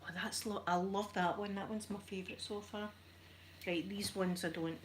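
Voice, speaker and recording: A Scottish woman chats softly at home, rambling and teasing herself in a casual ASMR video. Her voice sits at an ordinary middle pitch. A clear wash of background noise runs under everything. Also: fairly even intonation, normal speed. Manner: chatty, rambling, self-deprecating. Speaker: ASMR YouTuber. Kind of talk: casual soft-spoken chat. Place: at home while ironing.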